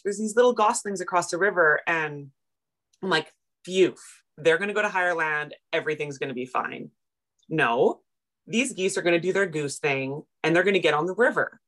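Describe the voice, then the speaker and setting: A woman from Canada, a personal finance coach, telling her story in a casual interview, self-deprecating and animated. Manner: animated, self-deprecating, quick retellings with big pitch jumps in quoted moments.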